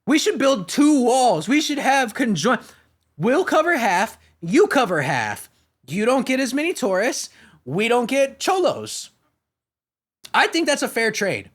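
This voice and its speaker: High-voiced man mocking the news. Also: fairly bright tone. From United States. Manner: sarcastic, profane, stumbles over names while reading. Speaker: podcast host. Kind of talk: reading news aloud with crude comic commentary.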